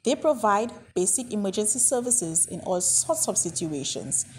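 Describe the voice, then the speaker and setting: A woman's voice: medium pitch, very animated, normal speed, a little hiss or hum, close to an everyday voice. A woman doing a firm, caring father. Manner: firm, emphatic.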